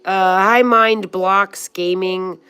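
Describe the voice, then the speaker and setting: At a slow pace, a woman in her sixties reads livestream comments in a medium-pitched, fairly even voice that sounds pushed, bright, and clean. She calls viewers honey and sweetheart and swears here and there.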